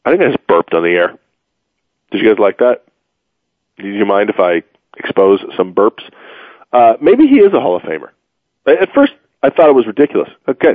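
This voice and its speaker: A man's voice: fairly low pitch, sing-song, moderate pace, long pauses, no room sound. A man hosting a casual sports talk radio show, rambling and joking with plenty of fillers, tired from moving. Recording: phone-like, dry radio audio.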